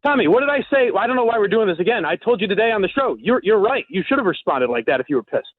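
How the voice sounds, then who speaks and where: Male caller, defensive and pleading, fast talker, phone-line sound. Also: sits high, sing-song, no echo. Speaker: radio show guest. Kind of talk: defensive argument over the phone. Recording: tinny phone line, dry.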